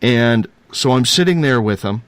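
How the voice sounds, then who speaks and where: A man's voice: medium pitch, animated, normal speed, dry recording. A man telling a personal paranormal story in a rambling, earnest way, repeating himself and using casual slang.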